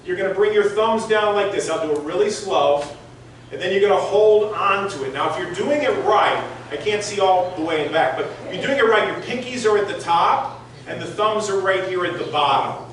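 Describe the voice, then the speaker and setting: A man's voice: high-pitched, a little fast, a bit bright, recorded from a distance, a little hiss or hum. Storytelling man in his sixties, echoey hall. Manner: conversational, demonstrative, addressing the audience directly. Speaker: motivational speaker. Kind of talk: storytelling talk on stage. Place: large hall with audience.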